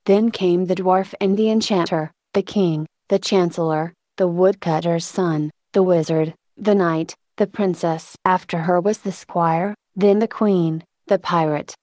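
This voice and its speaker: Lower-pitched woman reading a storybook. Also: fairly even intonation, measured pace, hardly any pauses, darkish tone, no echo. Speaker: narrator.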